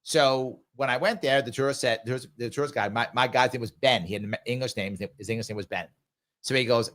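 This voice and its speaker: A man hosting a live question-and-answer stream, talking in an easy conversational way with emphatic bursts. His voice sits at an ordinary, middle pitch for a man. He tells stories with lively back-and-forth energy. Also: quick pace. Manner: conversational, emphatic, animated anecdote telling. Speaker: livestream show host. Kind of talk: casual live Q&A and storytelling.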